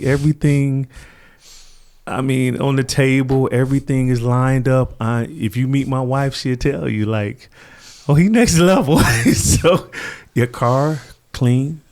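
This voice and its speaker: Earnest man with a mellow, warm voice. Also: mid-range voice. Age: middle-aged. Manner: earnest, reflective, acts out quoted people. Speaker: podcast guest. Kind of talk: conversational interview storytelling.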